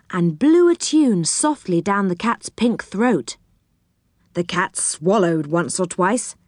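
A woman reading a children's storybook aloud in a gentle, expressive way. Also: mid-range voice, dry recording, studio quality. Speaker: narrator.

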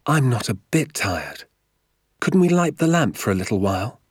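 A man's voice: big pitch swings, normal speed, breathy edge, no room sound, studio quality. A man reading aloud and voicing a curious, anxious young boy with an eager, questioning manner. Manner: eager questioning, rising pitch.

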